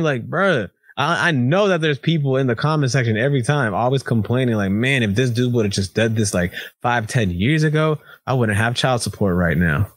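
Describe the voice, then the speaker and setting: A man's voice: medium pitch, normal speed, few pauses, no room sound. A man in the middle of an easy podcast chat with his friends, telling stories with lots of energy. He slips into other people's voices when he quotes them. The sound is dry and close, with almost no room around it. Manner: animated storyteller, acts out quoted voices, laughs often. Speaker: podcast co-host. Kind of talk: casual chat.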